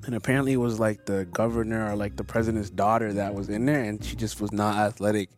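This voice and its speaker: A man co-hosting a podcast, telling a story in a relaxed, rambling way with many fillers. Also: lowish voice, fast talker, soft background music. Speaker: podcast co-host. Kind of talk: casual storytelling chat.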